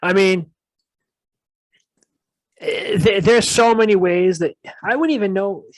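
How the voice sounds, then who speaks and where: Male podcast co-host with a high voice, loose and giggly banter. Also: no room sound. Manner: quick, laughing, breaks into silly impressions. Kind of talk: casual podcast chat.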